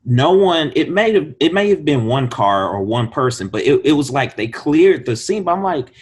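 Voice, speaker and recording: A man's voice: a little high, sing-song, moderate pace, darkish tone, husky. A man on a podcast panel, musing casually about a movie and restarting his sentences. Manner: musing, with self-interrupting restarts. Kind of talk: casual movie review chat.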